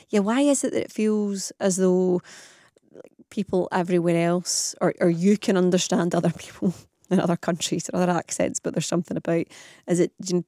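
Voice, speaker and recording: A woman's voice: on the low side, gravelly, dark tone, no room sound, clean studio sound. A woman with a Scottish accent hosting a radio phone-in, chatty and casual, reading out listener messages. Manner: chatty, says um often.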